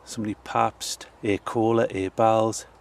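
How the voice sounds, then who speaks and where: A man's voice: fairly low pitch, flat delivery, creaky, a little hiss or hum. Breathless man on an outdoor history walk. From North East England. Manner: reads old headstone inscriptions with pauses and restarts. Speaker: local history vlogger. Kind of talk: casual walking tour commentary. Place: outdoors in a cemetery.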